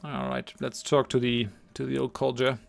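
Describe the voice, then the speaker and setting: A man's voice: medium pitch, steady tone, normal speed, gravelly. A man hosting a let's play, chatting casually and poking fun at himself. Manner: self-deprecating, chatty. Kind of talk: casual game commentary.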